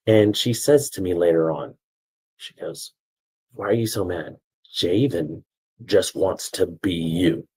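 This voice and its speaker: A man with a low, very husky voice teaches video storytelling. He talks casually, tells a family story and keeps checking that his listeners are following. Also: warm tone, low-quality recording. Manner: conversational, checks in with "okay?". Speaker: video coach.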